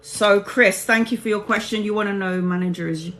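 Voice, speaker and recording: A woman's voice: mid-range voice, steady tone, fairly quick, few pauses, a bit bright. Casual woman tarot reader on a live stream. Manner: casual and affectionate, calls viewers honey and babes. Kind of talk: live-stream tarot reading, chatting with viewers.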